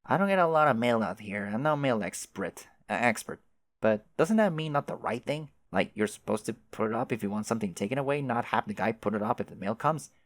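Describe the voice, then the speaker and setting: A man's voice: mid-range voice, animated, brisk, dry recording, natural voice. A man reading aloud and voicing a tipsy young woman who teases in a drawling way. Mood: teasing.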